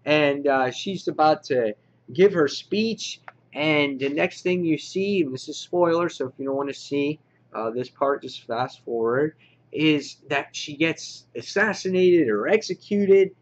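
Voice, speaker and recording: A man's voice: a little high, animated, a little slow, dull audio. A man casually reviewing a comic book, enthusiastic and rambling with lots of filler words.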